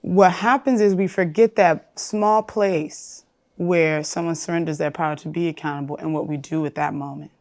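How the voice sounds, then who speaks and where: A woman speaking thoughtfully and in a measured way in a panel conversation. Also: low voice, steady tone, darkish tone.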